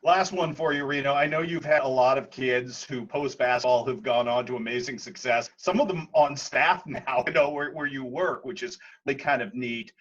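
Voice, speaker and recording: A man's voice: mid-range voice, moderate pace, few pauses, a bit bright. A man interviewing a coach, asking long, wordy questions. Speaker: sports interviewer. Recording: muffled lo-fi audio.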